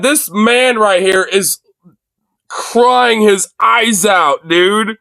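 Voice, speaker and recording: A man doing profane, excitable live reaction commentary as a streamer, laughing and often shouting. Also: high-pitched, very slow, creaky.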